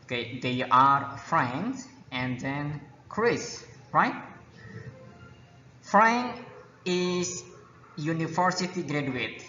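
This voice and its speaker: A man's voice: fairly high pitch, expressive, extremely slow, pauses often, bright, forceful tone, a little hiss or hum. A man teaching an English grammar lesson, repeating key words and often checking with "okay?". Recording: echoey hall, dull lo-fi sound.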